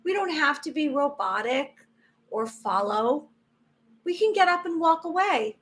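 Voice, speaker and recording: On a casual spiritual live stream, a woman host rambles earnestly, restarting often. Her high-pitched, fairly bright voice moves in big pitch swings at a slightly slow pace.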